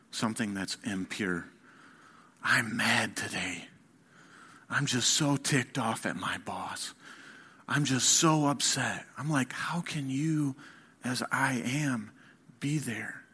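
Slow, bright-voiced male preacher. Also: medium pitch, husky. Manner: emphatic, swings from soft near-whispers to loud rising appeals; slow, deliberate delivery. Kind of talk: sermon.

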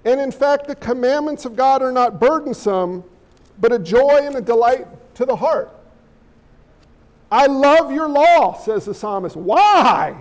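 A male pastor with a strikingly high voice delivers an animated sermon. He peppers the congregation with rhetorical questions and drops in the odd joking aside along the way. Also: moderate pace.

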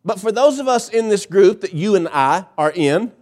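A male pastor preaching a sermon, emphatic, with dramatic pauses and swings in pitch. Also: expressive, a little mellow.

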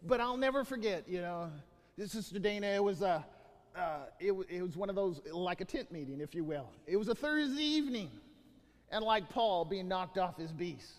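Male pastor, sermon delivery, high-pitched, animated with restarts, church hall echo. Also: moderate pace. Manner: animated storytelling with many restarts.

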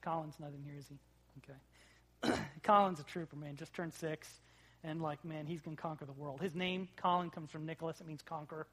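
A man in his thirties preaching a sermon, telling a family story with big swings from hushed to loud. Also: on the high side, fairly even intonation, a little fast. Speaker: pastor.

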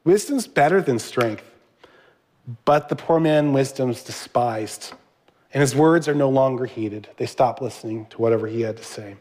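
A man's voice: mid-range voice, fairly even intonation, normal speed, a little mellow. A middle-aged man giving a sermon as a pastor, conversational, with asides to the congregation.

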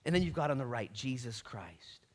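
A male pastor delivering a dramatic sermon, swinging between near-whispers and shouts. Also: medium pitch, very animated, normal speed. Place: church.

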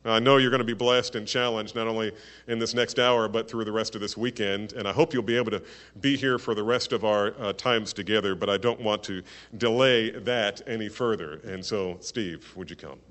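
A man's voice: on the low side, fairly even intonation, brisk, fairly bright tone. A man introducing the next speaker at a church conference, speaking earnestly and devoutly. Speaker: event host introducing the speaker.

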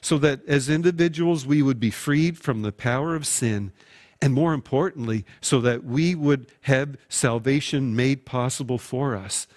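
A man's voice: mid-range voice, unhurried, a little mellow. A man, a pastor, delivering a sermon in a conversational storytelling way, acting out imagined dialogue with his listeners. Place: recorded without in-person congregation.

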